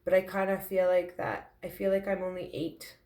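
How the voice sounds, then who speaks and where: A woman in a personal confessional vlog, tearful and emotional, talking in a heartfelt, halting way with many fillers. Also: fairly low pitch, little pitch movement, a little mellow, reverberant. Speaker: intuitive medium sharing her grief.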